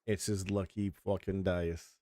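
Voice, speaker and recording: A man's voice: deep voice, unhurried, no echo. A man streaming a video game, chatting casually, sarcastic and swearing often. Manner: animated, sarcastic, swears a lot. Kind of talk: casual gameplay commentary.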